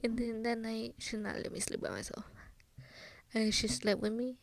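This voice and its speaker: A young woman hosting a solo podcast, telling a personal story casually, with slang and Spanish phrases mixed in, often dropping to a soft whisper. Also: on the high side, fairly even intonation, moderate pace, dry recording. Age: young adult.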